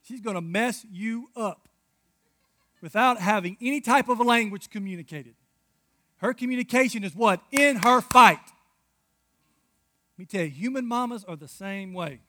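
A man in his thirties preaching a sermon, telling stories with big swings from hushed asides to loud outbursts. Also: sits high, normal speed, long pauses. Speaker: pastor.

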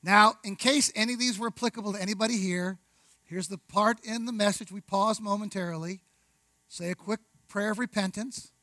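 A man preaching a sermon, conversational, with rhetorical questions, asides and slow, deliberate emphasis on key words. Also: high-pitched, fairly even intonation, bright, forceful tone, dry recording, rough recording. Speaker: pastor.

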